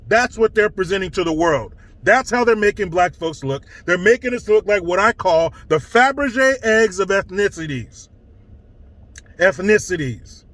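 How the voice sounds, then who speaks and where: Male commentator, high voice, slow deliberate pace, mocking and profane rant style. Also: expressive, a bit bright, no room sound. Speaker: online commentator. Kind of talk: ranting commentary.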